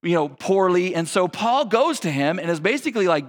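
Pastor, male, high voice, relaxed slangy sermon delivery. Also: a little fast, hardly any pauses, in a large hall. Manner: casual, conversational, slangy preaching.

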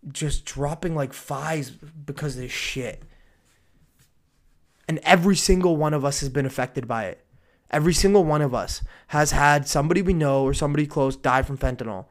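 A man in his twenties giving casual solo commentary on news stories, profane and ranting, swinging between low muttering and sudden outbursts. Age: 20s.

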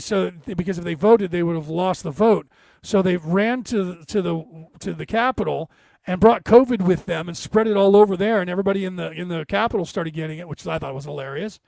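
A man's voice: sits high, gravelly, a little mellow, no room sound. A middle-aged American man ranting about politics, sarcastic and mocking. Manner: ranting, sarcastic, mocks opponents in put-on voices. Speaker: commentator. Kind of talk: political rant.

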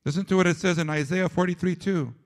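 A man preaching a sermon, emphatic and repetitive, dropping to a low, quiet delivery at times. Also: steady tone, fast talker.

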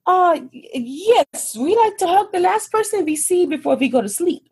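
A woman voicing a tipsy, flirtatious Swedish woman in a put-on Swedish accent, pitched high and sing-song. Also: expressive, normal speed, a little mellow. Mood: flirty tipsy.

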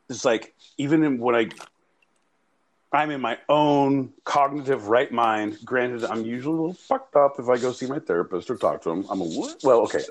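A man with a gravelly, creaky voice talks through a loose podcast conversation. He rambles, swears freely and laughs at his own jokes as he goes. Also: medium pitch. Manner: rambling, profane, jokey, laughs often. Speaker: podcast co-host. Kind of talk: casual podcast banter. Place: home studio, recorded remotely via live app.

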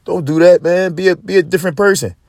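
Speaking quickly in a high, steady, slightly mellow voice, a man hosts a podcast and rants in casual slang. He swears a lot, rambles with constant stop-start restarts, and delivers it all in a preachy street-slang style.

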